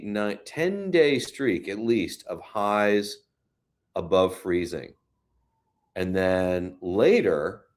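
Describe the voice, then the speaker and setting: A man with a lowish voice hosts a casual live stream from his New York City home. He chats about the weather and reads viewer comments aloud, answering with gentle, consoling words.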